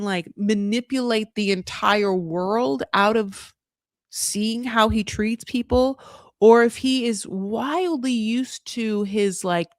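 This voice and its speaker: A woman's voice: mid-range voice, dry recording, clean studio sound. Blunt, rambling woman recapping reality TV. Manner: rambling, full of "like" and swearing; opinionated and blunt. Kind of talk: casual live recap commentary.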